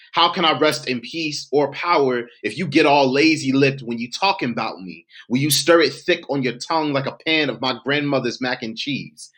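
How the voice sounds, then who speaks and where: A man's voice: mid-range voice, fairly bright tone. Man performing rhythmic spoken word poetry. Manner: rhythmic, emphatic, cadenced delivery. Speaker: poet. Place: home, virtual showcase submission.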